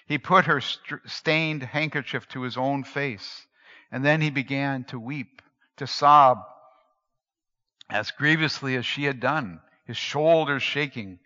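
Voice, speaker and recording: A man tells a story aloud in a bright, sharp voice, shifting from near-whispers to emphatic swells. His reading is dramatic and expressive. The recording sounds muffled and lo-fi, with long reverb from a large hall. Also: mid-range voice, slow. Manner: expressive, swinging between hushed and emphatic.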